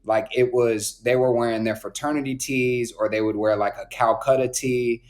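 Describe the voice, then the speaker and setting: A man in his twenties from North Carolina, a podcast guest telling stories in a relaxed, slangy way with plenty of "like" and "bro". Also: mid-range voice, moderate pace. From Raleigh, North Carolina. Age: 20s. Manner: laid-back slang, frequent "like" and "bro". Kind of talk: casual storytelling.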